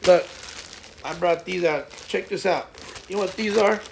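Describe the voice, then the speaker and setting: A man's voice: sits high, moderate pace, vocal fry, slight background noise. A man hosting a casual morning stream, rambling through folksy stories and advice. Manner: rambling, folksy, retells stories with voiced quotes. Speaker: live streamer host. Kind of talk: casual morning chat and storytelling.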